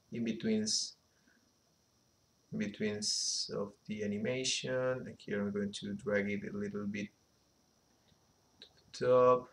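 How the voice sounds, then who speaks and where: Slow, gravelly man thinking aloud. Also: on the low side. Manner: unhurried, thinking aloud, hesitant. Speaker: animation instructor. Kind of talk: screen-recorded software tutorial.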